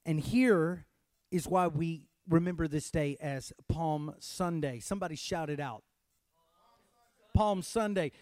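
Preacher guy, high voice, gets the church shouting back, goes quiet then loud. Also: no echo. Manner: preaching with call-and-response shouts, swinging from soft to loud. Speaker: pastor. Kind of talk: sermon.

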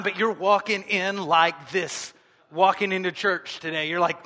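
A high, bright-voiced male pastor, preaching a sermon. His delivery is conversational and jokey, rising to loud emphasis and dropping to near-murmured asides. The sound carries a long reverb, like a large church sanctuary. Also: moderate pace. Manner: conversational preaching with jokes, swinging from loud to quiet.

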